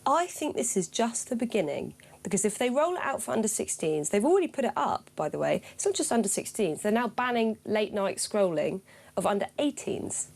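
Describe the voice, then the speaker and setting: A woman's voice: medium pitch, sing-song, a little fast, vocal fry, a little mellow. A woman co-hosting a radio talk show, forthright and argumentative as she gives her views. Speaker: radio co-host.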